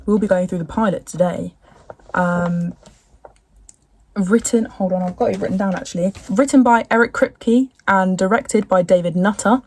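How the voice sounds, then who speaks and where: A woman's voice: medium pitch, moderate pace, a little mellow, slightly rough. A young woman in casual chat recapping a TV episode at home, rambling with slangy, jokey asides. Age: young adult.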